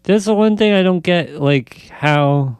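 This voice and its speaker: A man's voice: fairly high pitch, a little slow, a little mellow, clear, resonant tone, no room sound. A man hosting a podcast in casual chat, laughing easily and telling loose, rambling stories. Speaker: podcast host.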